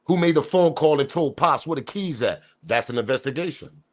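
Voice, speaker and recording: A man's voice: on the high side, lively intonation, a little fast. Emphatic profane male commentator. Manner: profane, emphatic, loud outbursts. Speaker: commentary channel host. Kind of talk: ranting news commentary.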